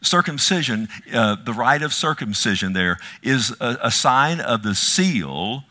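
Bright-voiced preaching man. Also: mid-range voice, sing-song, measured pace. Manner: emphatic, swings from hushed to loud, rhetorical questions to the congregation. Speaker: pastor. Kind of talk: sermon.

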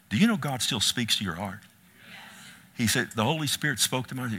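A middle-aged man preaching a sermon as pastor. His voice is bright and forceful, at a middle pitch. He moves from loud, ringing calls to soft, hushed storytelling. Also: expressive, normal speed, pauses often, husky.

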